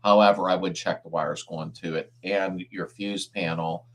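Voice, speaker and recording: Husky laid-back man hosting a chat. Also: low voice, fairly even intonation, normal speed. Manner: laid-back, chuckles often, answers car questions. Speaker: host of a live chat stream. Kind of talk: casual live-stream chat, reading viewer comments.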